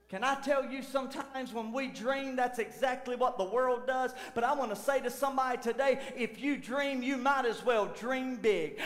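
Middle-aged male pastor, very high voice, fervent sermon delivery, roomy hall reverb. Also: moderate pace, few pauses. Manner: fervent preaching that swings from loud exclamations to low asides. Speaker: lead pastor. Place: church sanctuary. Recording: echoey church hall with long reverb.

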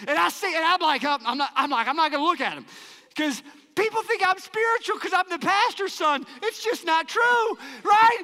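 A male pastor telling a story in a sermon with animated, self-mocking humor in a large church auditorium. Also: very high-pitched, moderate pace, in a large hall.

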